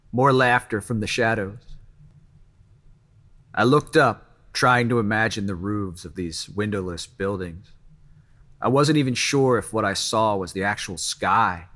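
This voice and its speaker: A man narrating a first-person story in a measured, even reading. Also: lowish voice.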